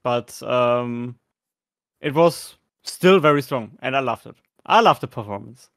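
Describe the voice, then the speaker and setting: A man with a German accent co-hosts a podcast, chatting casually and hesitantly about performances with many fillers and restarts. His mid-range voice is animated with vocal fry at a measured pace, recorded dry in studio quality.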